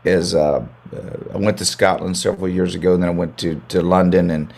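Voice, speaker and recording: A man's voice: low voice, fairly even intonation, a little fast, gravelly, a little mellow. An American man, a country singer, chatting as a guest in an interview, rambling and repeating words as he restarts his sentences. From United States. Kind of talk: casual interview chat.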